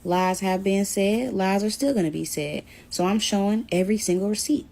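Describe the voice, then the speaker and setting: A woman's voice: medium pitch, moderate pace, gravelly. A woman telling a personal story on her vlog in a casual, blunt way, swearing now and then. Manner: blunt, animated retelling with swearing. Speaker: storyteller vlogger.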